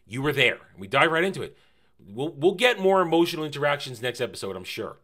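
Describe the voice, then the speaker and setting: Bright-voiced, emphatic man reviewing a show. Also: mid-range voice, fast talker. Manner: animated and emphatic, fond of repeating phrases; casual, with mild swearing. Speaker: TV series reviewer. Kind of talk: casual review commentary.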